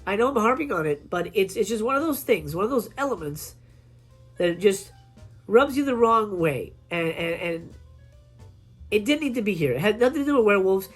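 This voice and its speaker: A woman's voice: medium pitch, normal speed, husky, soft background music. A woman reviewing horror films in a casual, profane rant, acting out scenes in quoted voices. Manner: animated, swears a lot, acts out scenes in quoted voices. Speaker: film reviewer.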